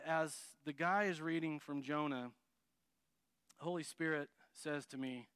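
A man telling a personal testimony story, acting out quoted lines and dropping low for asides. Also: measured pace, clean tone, dry recording. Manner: lively narration, acts out quotes, drops to a low murmur for asides.

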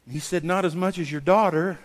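A man preaching a sermon, telling a personal story and acting out the dialogue with lively variation. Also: on the high side. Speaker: pastor. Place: church sanctuary. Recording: long hall reverb.

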